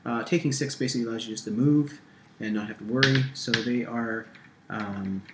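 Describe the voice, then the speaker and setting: A man narrating as game master in a tabletop game, halting with many ums and restarts. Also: mid-range voice. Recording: echoey room with faint hiss.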